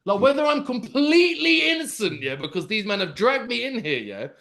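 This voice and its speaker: A man, co-hosting a podcast and telling a story in animated street slang with lots of swearing. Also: very high-pitched, a little fast, creaky. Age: 40s. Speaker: podcast co-host. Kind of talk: casual storytelling chat. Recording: roomy echo.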